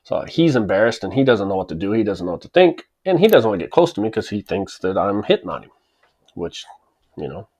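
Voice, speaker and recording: Forties man, lower voice, spins a laid-back true story with chuckles and quick impressions. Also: big pitch swings, a little mellow. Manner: chuckles as he tells it and acts out the people in the story. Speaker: channel host telling a personal story. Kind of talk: casual spoken anecdote.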